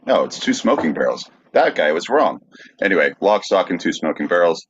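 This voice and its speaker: A very deep-voiced man from the United States reads notes aloud on a podcast, halting with frequent fillers. The sound is dull and lo-fi. A faint hiss sits underneath. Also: sing-song. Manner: halting, filler-heavy reading. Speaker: podcast co-host.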